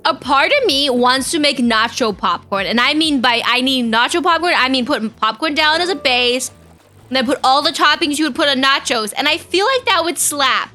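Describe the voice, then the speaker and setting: A woman's voice: high voice, expressive, normal speed, sharp tone. A young woman, chatting casually with her viewers on a live stream, bubbly and chatty as she greets people and reads chat. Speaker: VTuber streamer.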